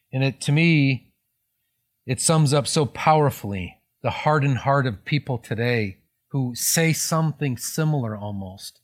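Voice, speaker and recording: A male pastor giving a teaching sermon at a mid pitch. He talks in a conversational way, often restarting phrases and correcting himself as he explains the verses. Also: lively intonation, normal speed.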